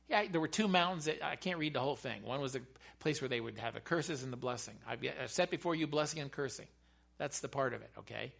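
A male preacher with a bright, forceful voice delivers his sermon with fervor. He drives his points home in loud, emphatic bursts, then turns to easy, chatty asides with his listeners. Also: a little high, brisk, creaky. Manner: fervent, swells to loud emphatic peaks, chatty asides to the congregation.

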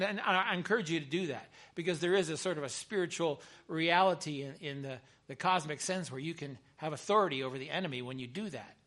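A man, a chaplain, telling a story in a sermon, earnest and repeating words as he builds to bursts of excitement. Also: fairly high pitch, fast talker, few pauses. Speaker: chaplain preaching.

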